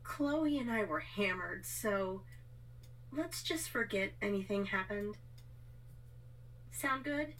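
A woman's voice: mid-range voice, animated, slow, pauses often, fairly bright tone, poor audio. A woman voicing a sleepy, irritated young woman who talks in a dismissive drawl. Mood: annoyed.

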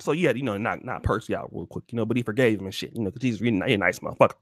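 A man telling a profane comedic story to his stream in animated, slangy talk. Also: fairly low pitch, very fast, hardly any pauses, no echo, studio quality.

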